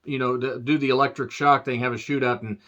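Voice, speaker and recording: A man's voice: mid-range voice, little pitch movement, quick pace, a bit bright, dull audio. A man giving a casual, profane movie review rant, sarcastic, with laughing asides. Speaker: film reviewer.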